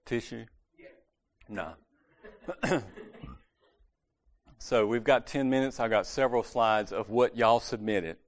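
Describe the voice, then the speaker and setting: A man's voice: medium pitch, fairly even intonation, takes it slowly, pauses often. A man giving a casual, conversational sermon at a church meeting, correcting himself and joking lightly as he goes.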